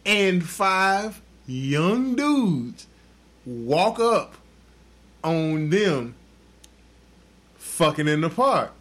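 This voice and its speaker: A man's voice: a little high, very animated, extremely slow, long pauses, fairly bright tone. A man hosting a podcast, telling a story in crude, profane, casual chat. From Texas. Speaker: podcast host.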